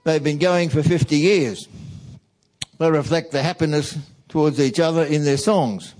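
A man giving a reflective talk to a church audience, speaking in a slow, measured way. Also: a little high, fairly even intonation, darkish tone, poor audio. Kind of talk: reflective talk, reading song lyrics aloud.

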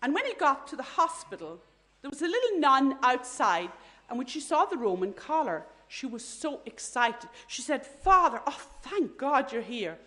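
A woman telling a faith story in an earnest storytelling talk. She often drops to a hushed voice at the moving moments. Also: high voice, very animated, normal speed.

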